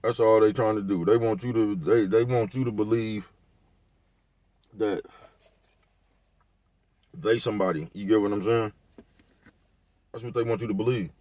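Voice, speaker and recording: A man with a lowish voice speaks in in a loose, repetitive rant. He drops slang and profanity all the way through, recorded dry and close with no room sound. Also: steady tone, moderate pace, pauses often, darkish tone, no room sound. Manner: laid-back, repetitive, peppered with slang and profanity. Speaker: vlogger giving commentary. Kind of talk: casual rant to camera.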